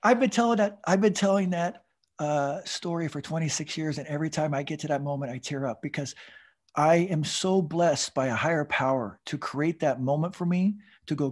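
A husky-voiced man in his fifties tells his story as a podcast guest. He sits a little high in pitch and speaks in an animated, tumbling way, stammering over repeated words and breaking into laughs. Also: moderate pace. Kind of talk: storytelling recovery testimony.

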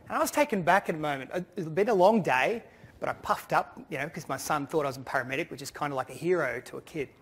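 Husky-voiced man telling a lively story. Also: fairly high pitch, fast. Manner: storytelling, quotes his children. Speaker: sponsor speaker at a conference. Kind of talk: anecdotal conference speech. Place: conference hall stage.

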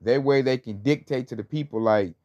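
Speaking a little fast at medium pitch, a religious teacher with a darkish tone chats loosely about faith. Fillers and scornful emphasis run throughout, and faint music can be heard in the dull, lo-fi audio.

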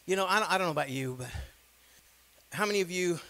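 Pastor guy preaching, high bright voice, goes from quiet to shouting, lots of call-and-response. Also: expressive, quick pace, poor audio. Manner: swings from low and quiet to loud shouting. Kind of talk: sermon.

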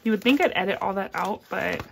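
A woman vlogging about her budget, counting cash aloud in a soft, low murmur and chatting in an upbeat way between counts. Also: expressive, fast, vocal fry, slight background noise. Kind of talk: casual cash-stuffing vlog.

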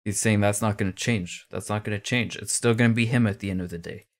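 A man's voice: fairly low pitch, steady tone, fast talker. A man giving casual reaction commentary on a rap song, chatting and breaking down the rhymes and wordplay. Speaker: music reaction streamer.

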